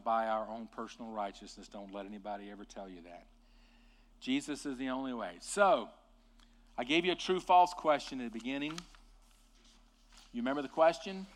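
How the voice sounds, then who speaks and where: A male preacher delivering a sermon with real fervor. His voice climbs high and loud on key points, then sinks low and slow to drive a verse home. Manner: impassioned, swings from hushed to loud and emphatic.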